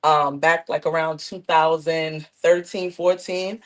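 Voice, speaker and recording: A woman's voice: low voice, steady tone, takes it slowly. Reflective woman in easy conversation. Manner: reflective, many "you know" fillers. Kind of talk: conversational discussion.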